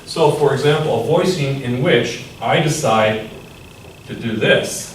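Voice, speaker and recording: A man giving a music theory lesson, explaining step by step in a measured way and thinking aloud as he goes. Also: medium pitch, slight background noise. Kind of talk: instructional lesson with piano demonstrations. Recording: roomy echo, far from the mic, piano playing. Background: piano.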